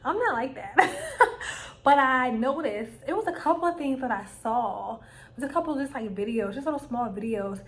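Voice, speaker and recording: A young woman vlogger, telling a personal story to camera in a casual, animated way and acting out her own quoted lines. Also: on the high side, a little fast.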